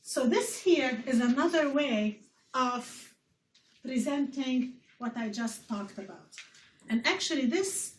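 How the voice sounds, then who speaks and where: A woman's voice: high-pitched, expressive, slow pace. A woman giving a university public health lecture to a class, earnest and repeating words as she explains. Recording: roomy lecture hall from far off with faint noise.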